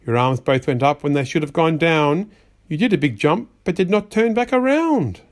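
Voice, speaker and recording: A man voices a fussy magician's white rabbit in a rhyming storybook reading, scolding a child in an exasperated, sing-song way. His natural voice is a little high, with lively intonation and a moderate pace.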